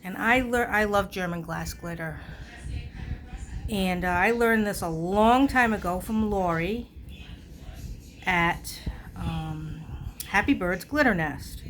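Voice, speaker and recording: A woman's voice: lowish voice, takes it slowly, pauses often. Casual woman host talking through a craft project, playful and self-deprecating, light background hiss. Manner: chatty, self-mocking, animated asides. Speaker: crafter hosting a craft video.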